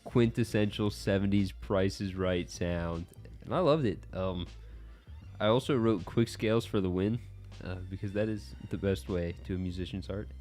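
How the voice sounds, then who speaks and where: A man's voice: deep voice, normal speed, darkish tone, soft background music. A man in casual podcast chat, giving laid-back, jokey takes on songs. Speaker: podcast co-host. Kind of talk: casual album review chat.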